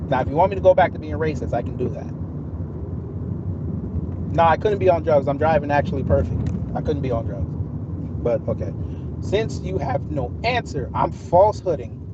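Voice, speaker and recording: A man with a high-pitched voice talks back to his chat while driving, sarcastic and combative. The sound is dull and lo-fi, caught on a phone inside the car. Steady road noise runs clearly underneath him. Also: moderate pace, long pauses. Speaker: streamer answering live chat. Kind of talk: live-stream commentary while driving.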